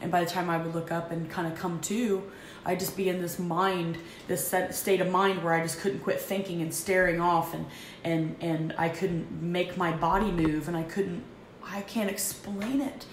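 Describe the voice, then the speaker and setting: A woman in her thirties candidly confessing her struggles in a halting, emotional vlog, with frequent restarts. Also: lowish voice, steady tone. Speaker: vlogger. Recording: echoey room with faint background noise.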